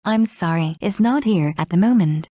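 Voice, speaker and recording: A woman reading everyday English phrases aloud one by one, in a measured drill with a pause after each phrase. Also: on the low side, expressive, warm tone, no room sound. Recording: dull lo-fi dry recording.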